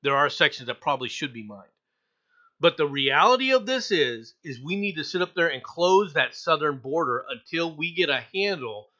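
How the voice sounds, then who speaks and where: Animated opinionated American man, bright voice. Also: on the high side, dull audio. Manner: animated, opinionated, laughs often. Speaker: co-host reading news stories. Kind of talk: casual news chat on a stream.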